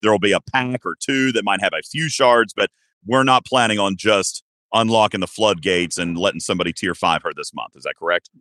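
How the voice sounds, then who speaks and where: A man in his thirties hosts a casual podcast with a bright, forceful voice recorded dry and close. He is playful and animated, and his pitch leaps high whenever he gets excited. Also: a little fast, no room sound. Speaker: podcast host.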